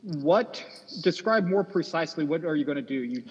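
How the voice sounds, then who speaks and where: A man running a tabletop game as game master, easygoing and measured as he lays out what happens. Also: fairly high pitch, expressive, darkish tone, slightly rough. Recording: dull roomy recording with long reverb.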